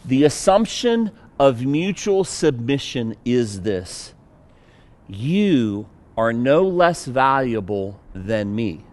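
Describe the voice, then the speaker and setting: A man with a Pittsburgh accent preaches a sermon in a relaxed, conversational way. He jokes easily and uses filler words. He talks slowly and takes his time. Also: mid-range voice. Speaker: pastor.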